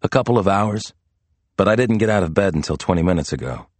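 A man's voice: deep voice, lively intonation, fast talker, no echo. A man voicing an easygoing, teasing young man with a laid-back, playful manner, in a storybook reading.

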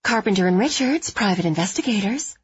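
Breathy noir secretary, woman playing it, lifted, airy, slightly muffled read. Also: mid-range voice, animated, a little fast, no echo, pitched above the performer's own voice. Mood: playful.

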